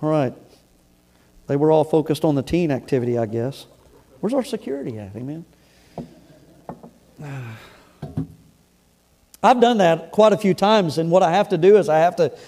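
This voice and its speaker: Male pastor, middle-aged, high voice, conversational sermon, humorous asides, church. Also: dark tone. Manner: reads scripture aloud, then comments with asides and humor; storytelling, conversational, with restarts. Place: church sanctuary.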